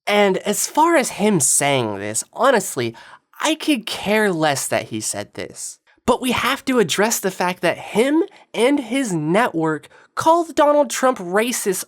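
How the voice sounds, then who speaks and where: A woman's voice: medium pitch, slow. A woman giving sarcastic, taunting commentary over video clips. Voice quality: sarcastic, taunting, lively inflection. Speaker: political commentator.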